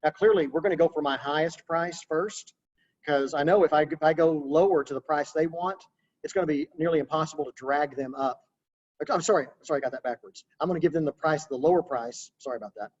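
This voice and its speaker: A man teaching real estate agents in a loose, chatty webinar session, his voice sitting a little higher than most men's. The audio is slightly muffled and dull, the way a video call sounds. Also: fairly quick, breathy edge. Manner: casual, conversational, practical coaching. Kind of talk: webinar training talk.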